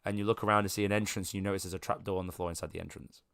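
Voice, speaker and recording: A man runs a tabletop game in a low, unhurried voice, padding his descriptions with ums and likes. The sound is dry and close, with no room around it. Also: creaky, no room sound. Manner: relaxed, filler-heavy describing. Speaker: game master.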